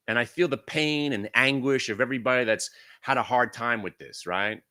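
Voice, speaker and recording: A man's voice: mid-range voice, sharp tone, clean tone. A middle-aged man hosting a live stock trading room, ranting frantically with lots of swearing. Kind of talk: live market commentary.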